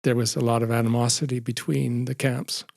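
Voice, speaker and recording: Male artist guest, 50s, gravelly voice, unhurried with fillers. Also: mid-range voice, level tone, darkish tone, no echo, clean studio sound. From Germany. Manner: reflective, unhurried, with frequent fillers. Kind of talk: casual chat.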